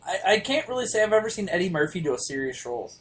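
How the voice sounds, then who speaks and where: A man with a slightly high voice chats casually as a podcast host. He tells stories with animated energy and plenty of swearing. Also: racing. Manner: animated, profane storyteller. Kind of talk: casual chat.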